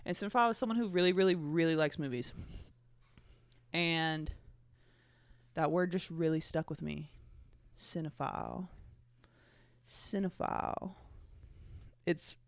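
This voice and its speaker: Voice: medium pitch, moderate pace, pauses often, clear, resonant tone, no room sound. A twenty-five-year-old podcast host with a hint of a Southern US accent, chatting alone in a rambling, jokey, profane way. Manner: rambling, jokey and profane, with self-mocking asides. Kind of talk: casual solo podcast chat.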